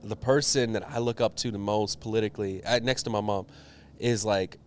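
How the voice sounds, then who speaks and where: A young man, a politician, telling a personal story in an interview, earnest and animated, with many fillers. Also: lowish voice, a little fast, clear, resonant tone. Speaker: politician guest.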